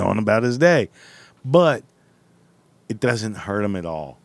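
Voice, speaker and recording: Man, blunt and profane, rambling casual story, low voice, dry close sound. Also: animated, slow pace, creaky, long pauses, darkish tone, no room sound.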